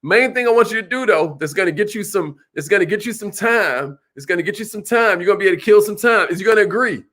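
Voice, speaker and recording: A man giving an animated motivational sales seminar, calling out to the audience. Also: high-pitched, fast. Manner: animated, preacherly, calls out to the audience. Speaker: sales trainer.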